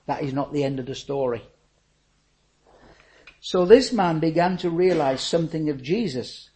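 An older man preaching a sermon in a fairly high voice. He is animated and folksy, rising to loud exclamations, then dropping to near-whispers. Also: normal speed, rough recording. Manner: animated, swings from loud to hushed. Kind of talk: sermon with personal stories.

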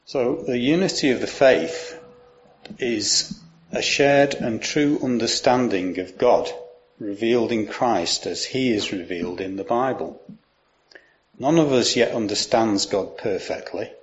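A man preaching a sermon, explaining and reading scripture aloud in a measured way. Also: on the low side, lo-fi sound, slight background noise.

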